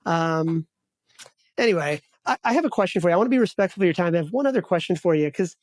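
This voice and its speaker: A man in his forties hosts a casual podcast interview. His voice sits high and light, and he tells stories in a loose, rambling way, doubling back on himself. The sound is dry and close, with no room around it. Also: animated, fast talker, no room sound. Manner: storytelling, rambling with restarts. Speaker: podcast host.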